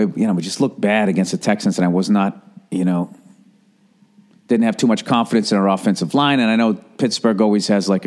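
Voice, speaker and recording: A man's voice: deep voice, darkish tone. A man from the area, ranting in casual, profane, sarcastic podcast talk. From Boston area. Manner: sarcastic, rambling, swears constantly.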